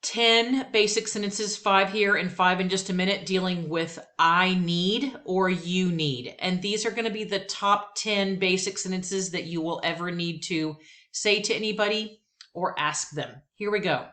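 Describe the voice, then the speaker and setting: A woman teaching a Spanish lesson, patiently repeating each phrase slowly twice, with chatty asides between drills. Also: lowish voice, fairly even intonation, pushed and bright. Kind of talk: language lesson.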